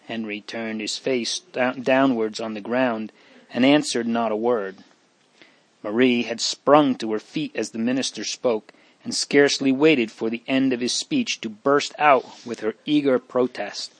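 A man narrating a storybook in a steady, even reading manner. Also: mid-range voice, unhurried, dry recording. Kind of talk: audiobook reading.

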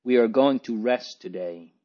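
A man voicing a gentle, worried older brother speaking politely in a storybook reading. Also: medium pitch, unhurried, muffled recording, lightly acted. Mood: tender.

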